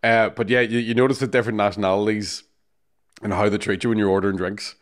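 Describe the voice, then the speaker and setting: A man's voice: on the low side, little pitch movement, fast talker. A man, co-hosting a podcast, telling sweary, jokey stories and laughing often. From Northern Ireland. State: jet lagged. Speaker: podcast co-host. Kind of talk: casual chat.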